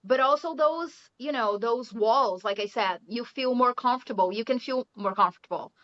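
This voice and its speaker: A woman's voice: on the high side, moderate pace, a bit bright. A Brazilian woman speaking English with a Brazilian Portuguese accent, an English teacher chatting casually as an interview guest, laughing often and leaning on "you know". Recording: muffled lo-fi audio.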